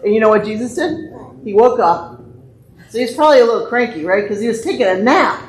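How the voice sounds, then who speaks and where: A woman in a church sanctuary tells a story to children in a bright, playful and animated way. Her voice is fairly high and leaps widely in pitch. The sound rings through the echoey hall, with a faint hum in the background. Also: a little fast. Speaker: church leader giving a children's message. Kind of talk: sermon reading and children's message.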